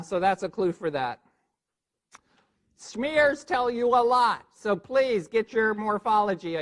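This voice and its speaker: A man lecturing a board review class in a lively, joking way, quizzing his listeners as he goes. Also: high-pitched.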